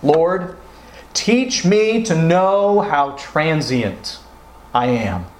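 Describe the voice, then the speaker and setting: A man's voice: fairly high pitch, drawn-out words. A man preaching a sermon as pastor, acting out quoted prayers with rising feeling. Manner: expressive, acts out quoted prayers with rising emotion. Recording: roomy echo.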